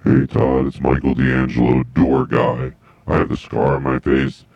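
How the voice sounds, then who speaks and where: A man imitating a gruff male door guy with a very deep, gravelly voice, reading a letter in a slow deadpan. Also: no room sound, exaggerated voice. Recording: dull lo-fi sound.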